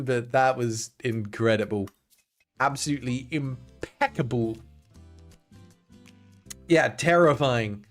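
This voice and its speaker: A man giving casual game-stream commentary in an excitable, jokey way. He chats with viewers as he plays. His voice sits at a middle pitch.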